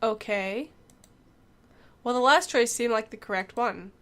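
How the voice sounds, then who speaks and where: A young adult woman playing a horror visual novel, reading the text aloud and reacting in animated, swear-laden casual commentary. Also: fairly high pitch, unhurried. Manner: animated, swears when frustrated. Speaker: let's play gamer.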